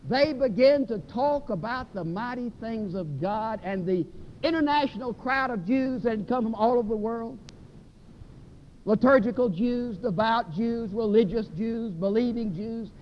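High-voiced preacher, emphatic. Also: male voice. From Mississippi, USA. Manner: emphatic, stretches key words, repeats phrases for effect. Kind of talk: sermon. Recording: dull lo-fi recording with faint rumble.

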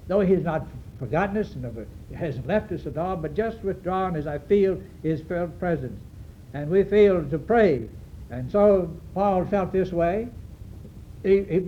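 High-voiced preacher on a dull old tape. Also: male voice. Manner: earnest, halting, many fillers and restarts. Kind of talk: sermon. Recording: dull lo-fi recording with faint hiss.

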